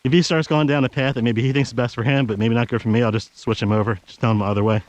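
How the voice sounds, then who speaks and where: A hiking vlogger narrates casually on a snowy outdoor trail, talking to the camera and firmly ordering his dog around. He speaks very fast in a steady, mid-range voice, and the action-camera recording is low quality but without echo.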